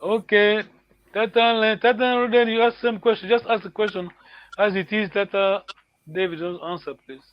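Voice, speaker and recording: A man's voice: high-pitched, steady tone, moderate pace, highs cut off. A man teaching a language class online, correcting students patiently and encouraging them.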